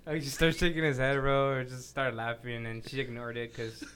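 A man's voice: mid-range voice, lively intonation, normal speed, bright, forceful tone, clean tone. Young man rambling through a story. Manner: rambling storytelling with many fillers and bursts of laughter. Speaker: podcast guest. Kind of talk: casual podcast chat.

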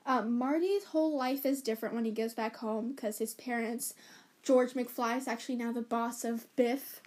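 Woman cohost rambling thru a movie recap, real high voice, lots of giggles. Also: fairly even intonation, normal speed, a little mellow. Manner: giggly, chatty, rambling retelling. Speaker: podcast co-host. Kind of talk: casual chat recapping a film.

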